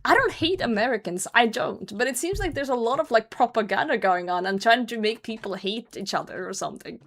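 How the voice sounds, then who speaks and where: A woman's voice: a little high, expressive, brisk, a bit bright. A woman streamer chatting casually to her viewers. She swears freely, laughs often and flares into mock rants. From outside the US. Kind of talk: casual live-stream chat.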